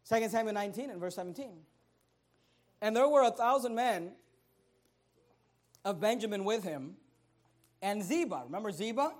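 Storytelling male pastor, loud peaks. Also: high voice, expressive, normal speed, pauses often. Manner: conversational storytelling, building to loud emphatic peaks. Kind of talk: sermon.

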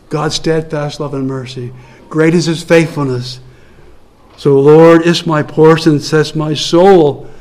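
Earnest male preacher, slightly high voice. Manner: earnest, repetitive emphasis, swings between soft low passages and louder raised lines; stretches key phrases slowly. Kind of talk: sermon.

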